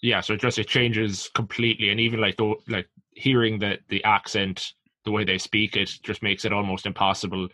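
A young Irish man with a lowish, bright and forceful tone speaks in a flat, level way. He chats loosely, padding his lines with "like". The recording is dry and close. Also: a little fast, no echo. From Ireland. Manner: loose, conversational, with frequent "like". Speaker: podcast co-host. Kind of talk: casual chat.

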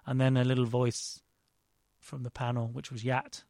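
A London-born actor and director, interviewed casually, rambles through a self-deprecating story with frequent restarts. He speaks at a moderate pace in a medium, slightly mellow voice with vocal fry and little pitch movement.

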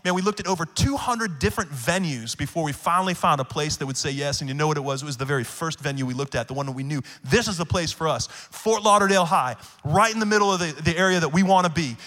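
A male pastor preaches in a quick, bright, forceful voice, pushing his points with call-outs to the congregation. His words ring out with a long reverb through a large arena, and soft music plays behind him. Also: fairly high pitch. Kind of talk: sermon.

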